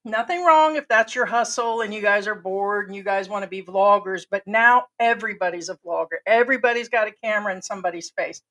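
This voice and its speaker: A woman's voice: mid-range voice, fairly bright tone, rough recording. An American woman giving blunt, profane, rambling commentary as an expat vlogger. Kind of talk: casual vlog commentary.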